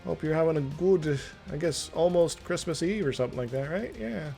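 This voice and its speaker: A man's voice: a little high, a little fast, vocal fry, warm tone, faint music behind. A man streaming a strategy game live, rambling through his thoughts aloud in a jokey, self-amused way. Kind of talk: casual strategy-game commentary.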